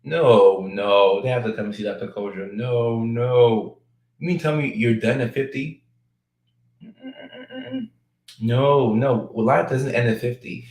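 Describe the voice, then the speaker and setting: A man with a mid-range voice and a gravelly, creaky edge chats as a guest on a talk show. He jokes around, then slows into halting, searching answers, and his voice carries a noticeable room echo. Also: medium pitch, darkish tone. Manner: playful and joking, drifting into halting, hesitant talk. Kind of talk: casual chat.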